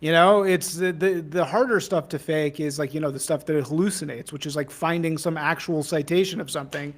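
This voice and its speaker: A man hosts a podcast in a relaxed, conversational way. His voice sits a little high, and he hedges his points and lets his sentences trail off as he thinks. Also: brisk. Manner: thoughtful, hedging, trails off mid-sentence. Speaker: podcast host. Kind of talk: casual conversational chat.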